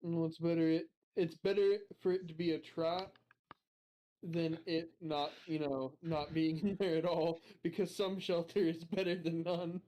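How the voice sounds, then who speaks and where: A man playing a tabletop game casually talks hesitantly, full of fillers and restarts, and laughs easily. His voice is fairly high, level, and warm, and he speaks a little slowly.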